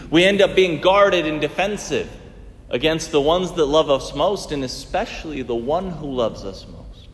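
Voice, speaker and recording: A man's voice: fairly high pitch, big-room sound. A man preaching a sermon in earnest tones, asking rhetorical questions and swinging his emphasis up and down.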